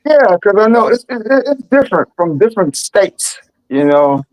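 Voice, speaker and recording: A man chatting casually on a panel, halting and repeating words in an easygoing way. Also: high-pitched, big pitch swings, poor audio. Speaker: panel participant. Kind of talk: casual chat.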